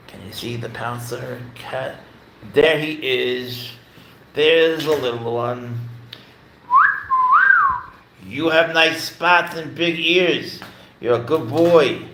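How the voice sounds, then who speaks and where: A man's voice: mid-range voice, vocal fry, a little hiss or hum. A man hosting a casual livestream from his home, rambling with lots of fillers as he talks to his cat and his viewers. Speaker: livestream host, pet owner. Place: home room.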